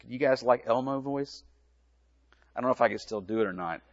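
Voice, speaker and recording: A middle-aged man, a pastor, giving a gentle children's sermon in a church, telling a story in simple words. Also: medium pitch, a little fast. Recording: reverberant church, dull lo-fi sound.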